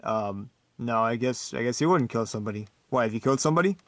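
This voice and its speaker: A man's voice: mid-range voice, lively intonation, fast talker, no room sound, voice pushed down, lightly acted. A man doing a wary club doorman. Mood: suspicious. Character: suspicious male secret-club doorman.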